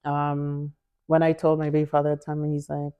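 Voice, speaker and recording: A woman telling her own story as a guest in a conversation, animated and acting out the people she quotes. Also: deep voice, fairly quick, smooth, dull audio. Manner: animated, acts out quoted voices, laughs often. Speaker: interview guest.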